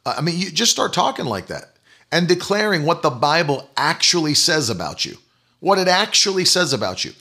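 Guy preaching, bright forceful tone, keeps repeating stuff and leading declarations. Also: fairly high pitch, big pitch swings, brisk, vocal fry, slightly rough. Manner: emphatic, repeats key phrases; leads declarations. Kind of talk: sermon.

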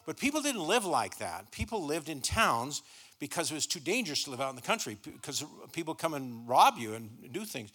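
A man's voice: a little high, very animated, a little fast, pushed and bright, breathy edge. A middle-aged man preaching a sermon in a church, folksy and stumbling over repeated words as he starts his sentences. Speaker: guest pastor.

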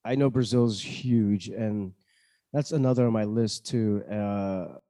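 A man's voice: lowish voice, slow pace, warm tone. A man hosting a podcast interview, chatty and joking, with plenty of "uh" and "like" fillers. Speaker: podcast host. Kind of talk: casual interview chat.

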